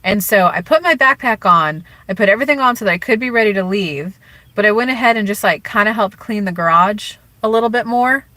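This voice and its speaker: Bright, chatty woman coaching on a live stream. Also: medium pitch, a little fast, no room sound, rough recording. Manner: chatty, frequent "like" and "you know"; acts out quoted speech in changed voices. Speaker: relationship and spiritual coach. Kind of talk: casual live-stream advice.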